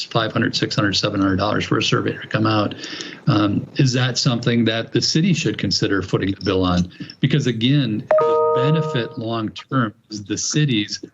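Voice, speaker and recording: Man, planning presentation at a public meeting, measured and methodical, occasional restarts, muffled lo-fi sound. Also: fairly low pitch, gravelly, slight background noise. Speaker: planning consultant presenting to a city plan commission.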